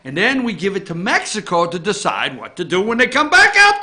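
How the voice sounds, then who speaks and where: A man hosting a morning opinion show, ranting about politics and swinging between loud outraged shouts and low muttered asides. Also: very animated, fairly quick, few pauses.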